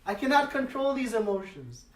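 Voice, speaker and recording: A man quoting an exasperated, ecstatic divine figure in a sacred story, raising his pitch a little. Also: sing-song, normal speed, echoey room, far from the mic, poor audio. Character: Lord Nityananda, an exasperated ecstatic male divinity.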